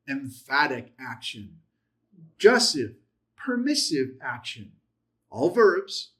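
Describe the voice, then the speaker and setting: A man teaching a Bible class on Hebrew verbs, his voice sitting a little high for a man. He talks with strong emphasis, pushing some words out loudly and dropping others to near a murmur. When he reads scripture aloud he acts it out, lifting his pitch for the quoted lines. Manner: emphatic, swings loud and soft for stress. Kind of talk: Hebrew grammar lesson.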